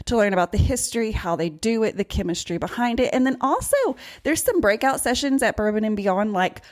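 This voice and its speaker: A woman's voice: mid-range voice, expressive, fairly quick. A woman with a Southern US accent hosting a podcast in casual chat, upbeat and chatty, laughing often. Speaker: podcast host.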